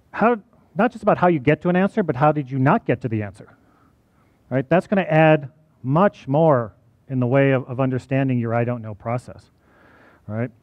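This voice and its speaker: A man speaks to an audience at a college, conversational and personal, often asking the room "right?". His voice sits in a middle pitch. The recording is dry and somewhat dull. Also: no room sound. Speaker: college teacher giving a talk.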